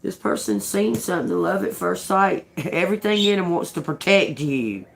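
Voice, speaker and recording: A woman doing a casual tarot reading to camera, swearing freely and laughing as she tells an animated story to her viewers. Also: fairly low pitch, moderate pace, vocal fry. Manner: addresses viewers as y'all. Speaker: tarot reader.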